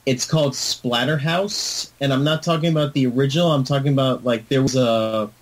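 A man co-hosting a podcast, telling stories in eager, excitable casual chat. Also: mid-range voice, fairly quick. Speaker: podcast co-host.

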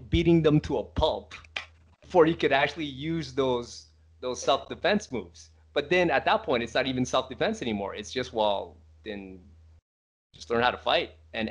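A man talking as a podcast guest about fighting, hesitant and full of fillers and restarts. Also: mid-range voice. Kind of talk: casual podcast conversation.

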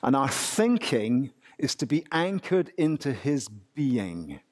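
A man with an English accent preaching a sermon as pastor, asking rhetorical questions in an animated way. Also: medium pitch, takes it slowly.

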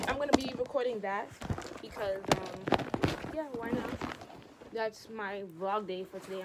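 A young woman chatting casually to her vlog viewers, rambling and calling them y'all, filmed at home and then out on a rainy street. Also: medium pitch. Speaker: vlogger. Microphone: clip-on mic and phone camera. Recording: noisy phone vlog audio.

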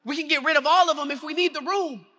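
A man's voice: very high-pitched, voice pushed up, exaggerated voice. A man acting out a pleading, frightened four-year-old boy. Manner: rapid, pleading, rising to panicked shouts. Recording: reverberant conference hall.

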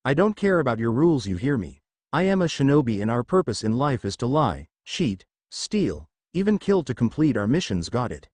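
A man's voice: medium pitch, big pitch swings, moderate pace, a little mellow, dry recording. A man reading a fan fiction story, voicing a cruel, scornful woman ninja who sneers and growls.

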